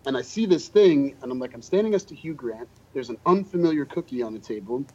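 A man's voice: mid-range voice, expressive, fast, few pauses, warm tone, a little hiss or hum. A man, a podcast guest, casually telling self-deprecating anecdotes about his time as a drummer. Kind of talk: casual storytelling. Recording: dull, lo-fi podcast audio.

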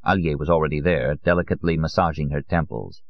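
A man narrating a novel as an audiobook in an expressive, literary reading style. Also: extremely low pitch, fast talker, no echo, muffled recording.

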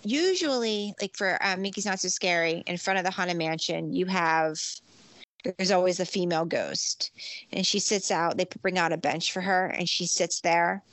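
A middle-aged woman in casual conversation, telling her story with lively energy and now and then jumping into a high voice for the lines she quotes. Her voice sits at a medium pitch and is recorded dry and close, with little room sound. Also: moderate pace, no room sound. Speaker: guest recounting a theme park trip. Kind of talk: casual chat.

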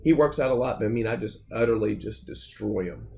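A man who founded a gym, guesting on a podcast and telling his stories in an animated, rambling way, full of "man" and "you know". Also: lowish voice, brisk, gravelly. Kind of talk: casual interview storytelling.

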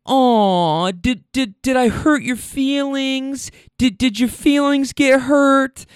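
A condescending fifty-year-old woman, as a man puts her on, drawling slow, high, sing-song baby talk. Taunting and smug, set a good stretch above his own register. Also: smooth, dry recording, studio quality. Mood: mocking.

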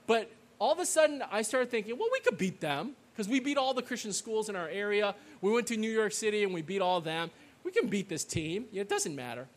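Animated man telling a story, lots of "okay?". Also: high voice. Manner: animated, peppers lines with "okay?" and "right?"; loud call-and-response chanting with the audience. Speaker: speaker telling a story to an audience. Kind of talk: storytelling talk to a live audience.

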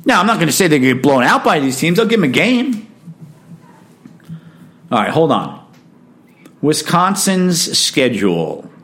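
Man, sports talk host, slightly high voice, emphatic, opinionated, chatty. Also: sing-song, unhurried, pauses often, a bit bright. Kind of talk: casual sports commentary monologue.

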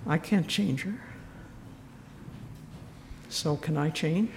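A woman leads a spiritual retreat, telling a personal story in a gentle, earnest way with a touch of wry humor. Her voice rings out in a church with a long, lingering reverb. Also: deep voice, takes it slowly, slight background noise. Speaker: retreat speaker.

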